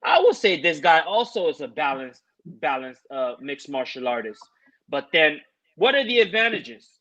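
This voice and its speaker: A man's voice: fairly high pitch, sing-song, normal speed, a bit bright, highs cut off. A man co-hosting a podcast who goes through fighters' stats step by step and makes his picks. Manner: methodical, walks through stats. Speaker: podcast co-host giving picks. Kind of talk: casual fight-analysis chat.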